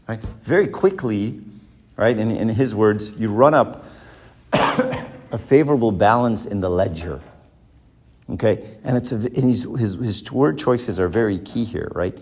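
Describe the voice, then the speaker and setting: Lively male professor teaching a class. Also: fairly low pitch, moderate pace. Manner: animated, keeps checking in with "right?". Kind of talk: lecture with rhetorical questions.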